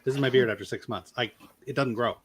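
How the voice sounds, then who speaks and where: Man, podcast co-host, mid pitch, wry, self-deprecating, casual chat. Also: fast, fairly bright tone, breathy edge.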